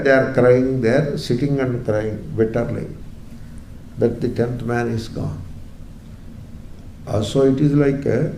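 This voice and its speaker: A man's voice: mid-range voice, gravelly, dark tone. A man teaching a Vedanta class through a story, wry, with rhetorical questions and chuckles. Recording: echoey room, faint background noise.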